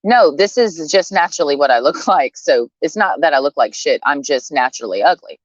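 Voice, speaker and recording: A woman's voice: low voice, animated, a little fast, dry recording, highs cut off. A woman ranting bluntly and profanely in a rambling, casual way to camera. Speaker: vlogger.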